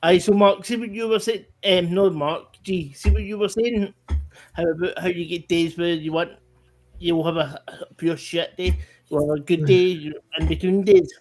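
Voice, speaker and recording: A man's voice: high-pitched, steady tone, moderate pace, darkish tone, low-quality recording. A man with a Scottish accent in a casual livestream chat, rambling and emphatic with lots of restarts.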